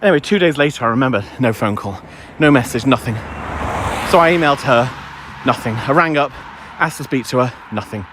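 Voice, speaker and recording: This man, medium-pitched and animated, talks a little fast against a noisy background. He's out in the woods on a dog walk, livestreaming from a handheld phone while he chats, rants and throws in some playful crude language.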